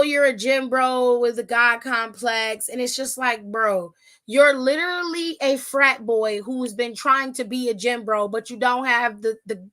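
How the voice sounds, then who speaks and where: A high-pitched young woman talks straight at her listeners as a podcast host. She is blunt and profane, and she acts out the lines of the people she talks about. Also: fairly bright tone. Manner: blunt, profane, with acted-out quotes. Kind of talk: casual wrestling recap.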